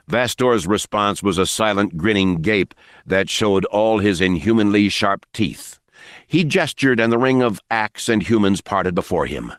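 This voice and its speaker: A man narrating an unabridged novel audiobook with expressive, measured storytelling. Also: lowish voice, no echo, clean studio sound.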